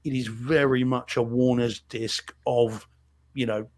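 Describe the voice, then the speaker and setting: A man's voice: mid-range voice, fairly even intonation, measured pace, darkish tone. A man co-hosting a home theater show, chatting casually about a film with lots of fillers and restarts. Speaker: podcast co-host reviewing films. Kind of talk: casual chat.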